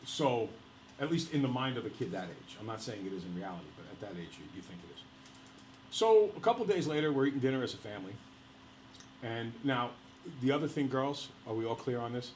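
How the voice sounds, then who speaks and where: A male teacher telling a personal story to his class in a lively, laughing way, speaking to the students directly. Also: mid-range voice, brisk, echoey room, slight background noise, poor audio.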